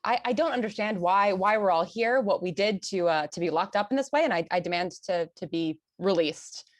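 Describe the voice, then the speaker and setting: A woman voicing a wary male deep gnome warrior who speaks tersely. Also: a little fast, dry recording, lightly acted. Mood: defiant. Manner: terse and stiff.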